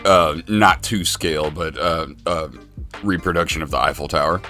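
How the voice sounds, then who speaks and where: A male host tells a story, acting out the voices of the people in it. His voice sits very low. Faint music runs in the background. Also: moderate pace. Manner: animated storyteller, acts out voices. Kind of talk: casual storytelling chat.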